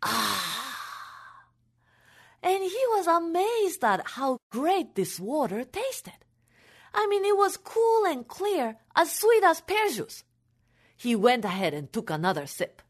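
A woman telling a folk tale for families in an expressive, animated way. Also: very high-pitched, unhurried. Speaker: storyteller.

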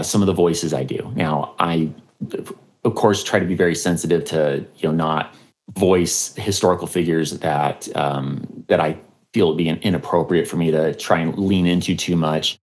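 A man, a historian and podcaster, telling a story in an interview, with many fillers and restarts. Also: low-pitched.

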